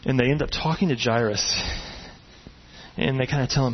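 A man preaching a sermon, telling the story with animated asides and acted-out voices. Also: mid-range voice, a little fast, a little hiss or hum. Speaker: pastor. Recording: dull, echoey hall recording.

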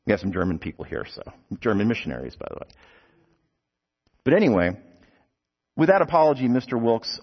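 A man's voice: mid-range voice, very animated, brisk, pauses often, husky. A man preaching a sermon, telling stories with rhetorical questions and light asides, in a dull recording with a long hall echo.

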